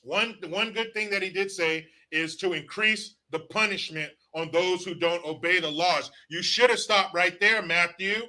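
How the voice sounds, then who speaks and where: A man's voice: high-pitched, normal speed, hardly any pauses, sharp tone. A man hosting his own political commentary show, ranting bluntly and sarcastically with plenty of profanity.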